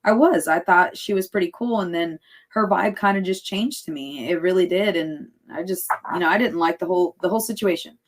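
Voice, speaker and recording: A woman's voice: fairly low pitch, a little fast, hardly any pauses. A woman in her thirties, a podcast guest, chatting casually and laughing often as she retells what others said to her. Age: 30s. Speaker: podcast guest, fighter and cake baker.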